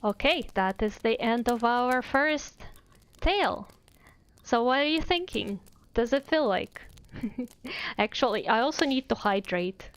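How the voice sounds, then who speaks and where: A woman's voice: a little high, lively intonation, measured pace, clean tone. A woman streamer with a Russian accent, reading fairy tales aloud and chatting casually, full of "like" and "you know". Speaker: VTuber streamer. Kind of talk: casual livestream chat and fairy-tale reading.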